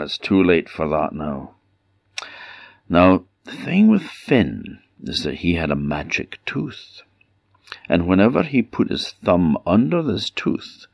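A man from the Orkney Islands with an Orkney Scottish accent, telling a folk tale in a lively, dramatic way. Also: low voice, vocal fry, husky, no echo, studio quality. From Orkney Islands, Scotland. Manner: lively, shifts volume for drama. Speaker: storyteller.

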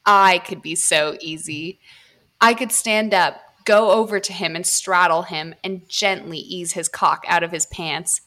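Casting: female podcast host, bright, crisp voice, reads steadily, jokes between passages. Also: lowish voice, steady tone, a little slow, few pauses. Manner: reads steadily, breaks off to joke. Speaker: podcast host reading a story. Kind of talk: reading erotic fiction aloud with banter.

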